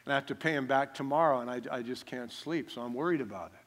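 A man's voice: medium pitch, fast talker, fairly bright tone, long reverb tail, natural voice. A man voicing an anxious middle-aged husband who stammers apologetically over a debt. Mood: worried.

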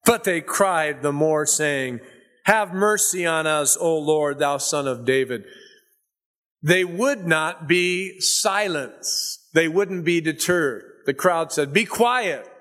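A man preaching a sermon. He swings from soft, slow scripture reading to loud, fervent emphasis, with chatty storytelling asides. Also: on the high side.

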